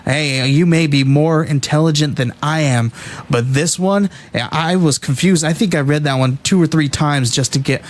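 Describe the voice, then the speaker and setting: A man hosting a casual comic book review podcast, talking in an animated, halting way with many restarts. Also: a little high.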